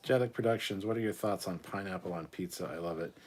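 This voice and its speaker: A man's voice: low-pitched, fast, a little mellow. A man in his thirties from Canada, casually hosting a live stream, reading viewer comments aloud and reacting with laughs and swearing. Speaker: livestream host reading chat.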